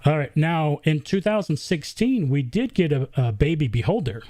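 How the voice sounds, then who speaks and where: A man's voice: a little high, animated, moderate pace, warm tone, dry recording. A male host in a casual live-stream interview, chatting and reading viewer questions aloud. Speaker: podcast host.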